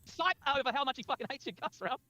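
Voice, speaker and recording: A man's voice: very high voice, animated, fast, bright, forceful tone. A man calling into a stream, taunting the host and repeating a mocking question. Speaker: caller on a stream. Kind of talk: heated call-in argument.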